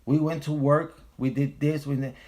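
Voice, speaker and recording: A man's voice: a little high, flat delivery, moderate pace, mellow. Profane, emphatic male livestream host. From United States. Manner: profane, emphatic, repeats phrases. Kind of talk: casual livestream commentary.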